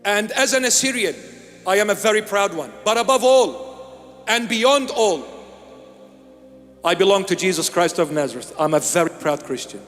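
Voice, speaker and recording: A man from Iraq delivers a sermon in a high voice, solemn and emphatic. He speaks in short, measured lines and leans on repetition. Faint music sits under the long reverb of a large church. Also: animated, a bit bright. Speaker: bishop preaching.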